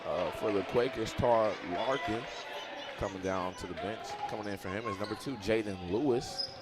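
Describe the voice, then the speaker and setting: A man's voice: lowish voice, moderate pace. Casual man calling college basketball. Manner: casual, chatty, bursts into loud excited calls on big plays. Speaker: play-by-play commentator.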